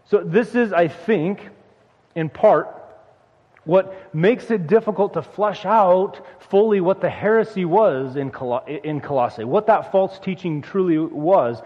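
High-voiced male preacher in a reverberant hall. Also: unhurried, a little mellow. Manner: earnest, repeats phrases for emphasis, rises when urging. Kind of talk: sermon. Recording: muffled hall recording with long reverb.

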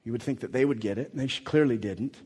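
A man preaching a sermon as a pastor, animated and acting out the voices of the people in his story. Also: medium pitch, fast, husky. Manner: animated, acts out quoted voices. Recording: long reverb of a hall.

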